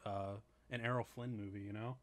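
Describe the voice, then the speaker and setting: A man co-hosting a casual movie commentary podcast, excitable and laughing often. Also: on the low side, a little fast. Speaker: podcast co-host.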